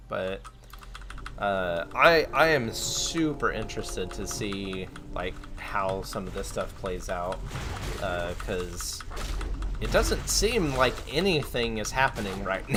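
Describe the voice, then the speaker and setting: A man's voice: medium pitch, bright, forceful tone. A young man streaming, chatting casually and rambling with frequent fillers, restarts and laughs. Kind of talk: casual chat.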